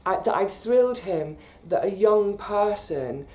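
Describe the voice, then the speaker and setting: A British woman telling a personal story in a chatty, animated way, getting emotional as she recalls it. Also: medium pitch, measured pace. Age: 30s. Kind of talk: casual storytelling monologue.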